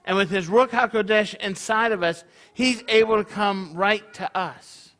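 Male congregation leader, high pitched and bright, preaching in a chatty way with frequent "right?" check-ins. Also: steady tone, a little slow. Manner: conversational, peppered with rhetorical questions. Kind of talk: sermon.

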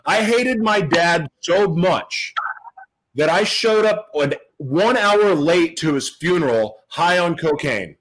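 A man's voice: fairly high pitch, lively intonation, slow pace, a bit bright, rough recording. Earnest man telling his own story. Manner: earnest and emotional, with heavy repetition for emphasis. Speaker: motivational speaker sharing his life story. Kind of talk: personal testimony speech to an audience.

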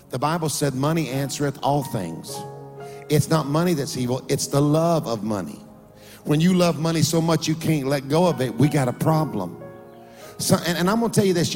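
A man's voice: on the high side, darkish tone, big-room sound. A man pastor preaching a sermon in church, joking with the congregation, calling for responses, and rising into a sing-song preaching cadence. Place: church sanctuary before a congregation.

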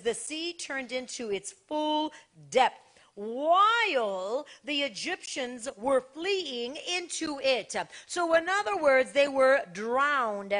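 A woman's voice: high voice, a bit bright. A woman preaching a sermon with fervor, repeating phrases over and over for emphasis.

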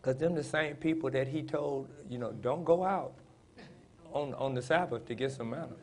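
A man preaching a sermon in plain, folksy speech, building to shouted emphasis and calling on the congregation to respond. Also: medium pitch, moderate pace. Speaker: pastor.

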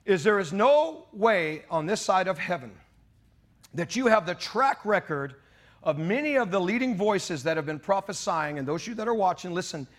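A man preaching a sermon as pastor, in an impassioned style that climbs into shouting. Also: high-pitched, animated, normal speed. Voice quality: mock British voice for God's words.

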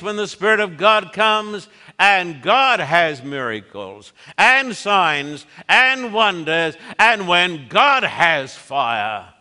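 High bright guy preaching slow and emphatic, long hall echo. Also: clear, resonant tone. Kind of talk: sermon.

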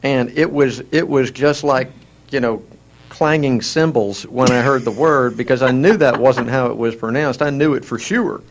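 A man's voice: mid-range voice, normal speed, slight background noise. A man with a Southern American accent, co-hosting a casual chat in a wry, self-mocking way with frequent restarts. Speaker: co-host.

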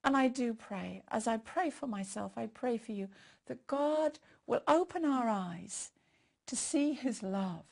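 Older woman preaching with gravelly voice. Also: a little high, expressive, a little slow. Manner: warm storytelling, leads prayer. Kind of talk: devotional sermon.

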